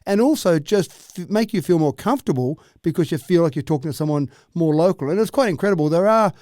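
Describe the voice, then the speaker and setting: An Australian man with a mellow, slightly higher voice explains technology as a radio guest. He talks steadily and conversationally. The sound is dry and close. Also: animated, fast talker, no echo. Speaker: technology commentator.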